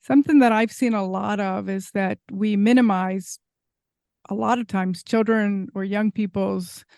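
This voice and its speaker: Thoughtful, unhurried woman host. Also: mid-range voice, fairly even intonation, vocal fry, darkish tone, no room sound, clean studio sound. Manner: thoughtful, hesitant, slow, with fillers. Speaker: podcast host. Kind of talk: conversational interview.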